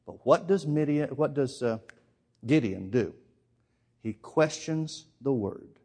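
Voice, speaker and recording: A man preaching a sermon, emphatic, firing rhetorical questions and swinging between loud and hushed. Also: mid-range voice, lively intonation, slow, slightly rough.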